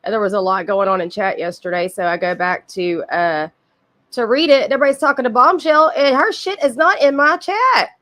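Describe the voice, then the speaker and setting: A woman's voice: a little high, fairly quick, fairly bright tone. A woman, sick with a cold and sniffling, hosting a livestream in casual, blunt, profane chat with her viewers. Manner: blunt, profane, chatty with frequent asides. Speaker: livestream host.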